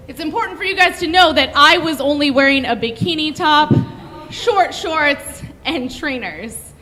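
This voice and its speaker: A young woman tells a story on a stage, her voice high and bright, with a brash, profane, animated delivery. The sound carries a long hall reverb, with a faint hum of noise behind it. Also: normal speed.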